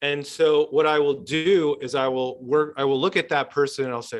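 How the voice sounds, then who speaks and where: Soft-spoken man explaining therapy practice. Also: fairly high pitch, fairly even intonation. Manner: measured, explanatory, frequent fillers and restarts. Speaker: guest couples therapist. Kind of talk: podcast interview conversation.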